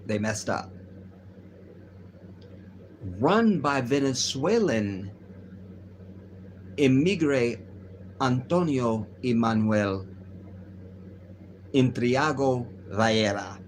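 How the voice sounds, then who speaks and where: A man's voice: mid-range voice, expressive, extremely slow, pauses often, slight background noise. A man hosting a casual livestream, reading news aloud and riffing on it in a rambling, profane way. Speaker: livestream host.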